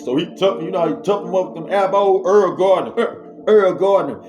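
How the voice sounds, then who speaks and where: A man vlogger telling a story in an animated, slangy way and then preaching, with sound effects he makes himself. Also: high voice, normal speed. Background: music.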